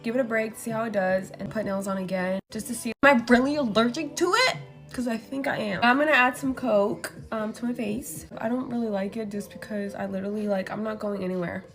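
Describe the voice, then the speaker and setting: A woman's voice: fairly high pitch, a little fast, soft background music. A young woman in her twenties chatting casually and swearing freely while doing her makeup and telling a story. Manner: chatty, profane, animated storytelling. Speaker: beauty vlogger.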